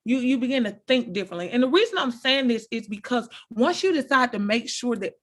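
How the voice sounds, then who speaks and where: A woman talking casually to her viewers, giving animated, preachy advice and repeating her points. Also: a little high, fairly quick. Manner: animated, repeats phrases, addresses viewers directly; preachy, encouraging. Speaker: motivational speaker.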